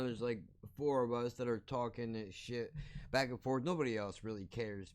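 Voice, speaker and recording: A young man hosting a podcast, telling a story as a blunt, profane, animated rant. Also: mid-range voice. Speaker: podcast host.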